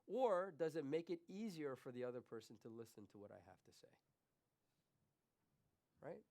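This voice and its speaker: A man preaching a sermon as pastor, swinging between quiet, confessional remarks and raised, emphatic questions to the congregation. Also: a little high. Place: church.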